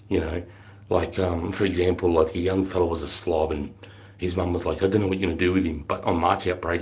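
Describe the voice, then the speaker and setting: A middle-aged Australian man, a former army recruit instructor, telling stories casually on a livestream in a blunt, profane way. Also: sits low. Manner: blunt and profane, bursts into shouted drill-sergeant quotes.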